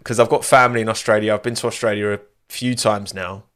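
A man's voice: fairly low pitch, steady tone, fast, few pauses, fairly bright tone. A young man hosting a live-streamed podcast, chatting casually and rambling, often laughing at his own asides. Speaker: podcast host.

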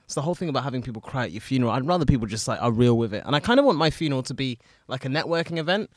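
Fast-talking man joking around. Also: mid-range voice, lively intonation, dry recording, studio quality. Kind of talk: casual podcast banter.

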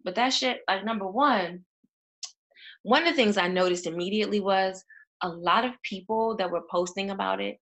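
A woman co-hosting a casual podcast chat, animated and joking, with a lot of profanity. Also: mid-range voice, moderate pace. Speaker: podcast co-host.

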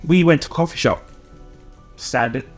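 A man's voice: fairly high pitch, a little slow, soft background music. A man playing a tabletop game, making dry jokes and casual asides. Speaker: player.

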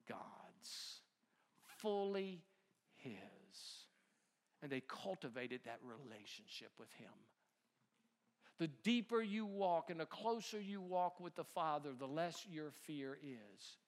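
Man preaching, hushed to shouting. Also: on the high side. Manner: wide swings from hushed to near shouting. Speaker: pastor. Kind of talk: sermon.

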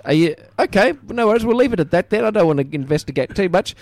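A man's voice: high-pitched, expressive, fast, darkish tone, no room sound. A man co-hosting a comedy podcast, joking and playing mock-bewildered. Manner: cheery, jokey, mock-bewildered. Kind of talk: playful banter.

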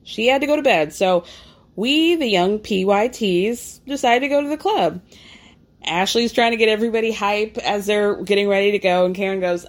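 A woman's voice: medium pitch, moderate pace. A woman casually recapping reality TV drama, acting out the quotes and swearing freely.

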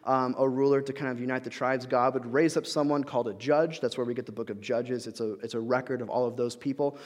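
A man's voice: mid-range voice, fairly even intonation, fast. Casual young male preacher in a reverberant hall. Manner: casual, frequent fillers and restarts, acts out quoted voices. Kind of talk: conversational sermon.

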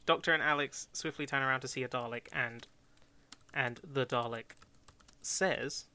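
A man's voice: mid-range voice, moderate pace, sharp tone. A man co-hosting a podcast, brainstorming a story in loose, joking casual chat with many fillers. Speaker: podcast co-host.

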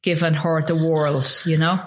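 A woman's voice: sits low, little pitch movement, normal speed. A woman, an interview guest telling a personal story in earnest, vivid detail with some hesitations. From Ireland.

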